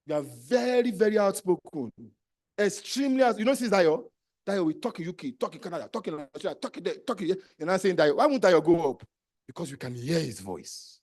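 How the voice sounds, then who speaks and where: A man with a Nigerian accent delivers a live motivational talk on entrepreneurship, his voice pitched high for a man. He is emphatic and exhorting, repeats commands to his listeners, and drops into Pidgin phrases. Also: very animated, brisk, darkish tone. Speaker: entrepreneurship trainer.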